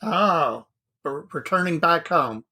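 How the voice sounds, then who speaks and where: A man's voice: fairly high pitch, lively intonation, slow pace, bright, forceful tone. A man co-hosting a casual hobby podcast, chatting in an easygoing, self-deprecating way. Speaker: podcast co-host.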